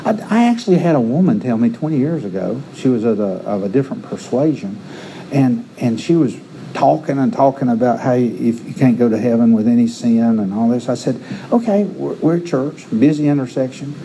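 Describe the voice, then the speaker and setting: A middle-aged man preaches in a very dark, mellow voice. He speaks earnestly, often repeating a word as he restarts a thought. A faint hiss of air conditioning sits behind him. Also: medium pitch, lively intonation, a little fast, poor audio. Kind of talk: sermon with personal stories.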